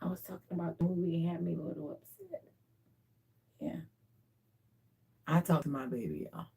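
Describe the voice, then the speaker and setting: A woman's voice: low voice, normal speed, vocal fry, dark tone, slightly rough. A woman hosting a livestream, musing in a casual, reflective way and repeating her points. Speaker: livestream host.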